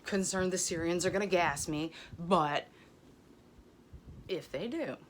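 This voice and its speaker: A woman's voice: lowish voice, takes it slowly, a little hiss or hum. A middle-aged woman, a nurse, chatting casually to camera in a blunt, profane, joking way. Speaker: ER nurse vlogger. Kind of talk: casual vlog chat.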